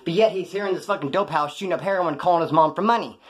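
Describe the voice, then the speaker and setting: A man's voice: a little high, racing. A middle-aged man, a former prisoner, telling a crime story in casual, profane street slang, rambling between asides. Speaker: ex-convict storyteller.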